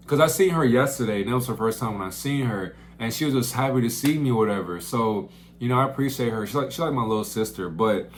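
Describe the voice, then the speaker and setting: A young man working as a camp counselor, telling stories in a casual, slangy way that swings up into loud outbursts. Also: medium pitch, slight background noise. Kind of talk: casual storytelling vlog.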